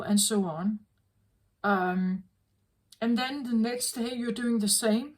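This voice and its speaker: A woman tarot reader talking in a slow, earnest, reflective way, often repeating herself as she works through a thought. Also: mid-range voice, fairly even intonation, rough recording. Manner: slow, repetitive, earnest, self-correcting. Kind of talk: reflective spoken reading.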